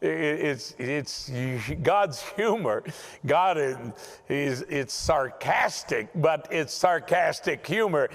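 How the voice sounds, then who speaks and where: A man delivering a Bible lesson in sermon style, emphatic and repeating words as he restarts his phrases. His voice sits a bit high and swings widely in pitch at an unhurried pace. A long reverb trails after him as in a large hall. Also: animated. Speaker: Bible teacher.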